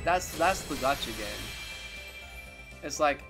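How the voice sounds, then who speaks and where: A man reacting to gacha game pulls, excitable, swearing a lot and pleading with the game. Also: medium pitch, slow pace, over music. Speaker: gaming content creator.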